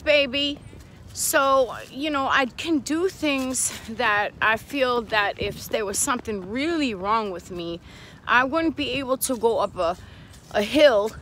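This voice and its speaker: A woman's voice: on the high side, a bit bright, slight background noise, poor audio. A woman with a New York accent, vlogging candidly and earnestly to her viewers while out walking with her child, speaking into a handheld phone. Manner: earnest, confiding, talks to viewers directly. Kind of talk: candid personal vlog. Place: outdoors on a walk with her child.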